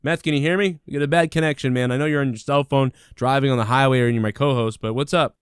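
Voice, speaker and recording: A man's voice: medium pitch, fairly even intonation, fast talker, clear, resonant tone, dry recording, studio quality. A man hosting his own show, ranting in a rambling, profane comedic monologue. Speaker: show host.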